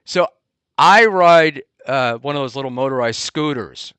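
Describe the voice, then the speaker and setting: A man's voice: medium pitch, expressive, a bit bright, clean tone, no echo. Rambling man hosting a casual chat. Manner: rambling, halting with many ums and restarts. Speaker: podcast host. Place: Hoboken area, New Jersey.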